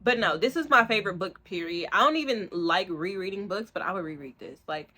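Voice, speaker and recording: A young woman, rambling excitedly in a casual book review, full of fillers and slang. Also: medium pitch, brisk, slight background noise. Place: room at home, street outside.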